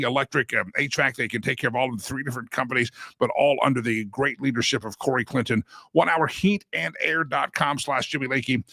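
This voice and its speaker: A man's voice: mid-range voice, vocal fry, sharp tone, no room sound. A male talk show host on a live political show, ranting and getting worked up, then doing a folksy sponsor read. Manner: fiery, gets worked up, ranting.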